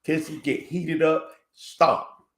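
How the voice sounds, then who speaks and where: A man with a gravelly, slightly high voice telling a personal story on a live panel. The sound is roomy and echoey, like a bare room. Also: a little slow. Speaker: panel guest. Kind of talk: casual storytelling.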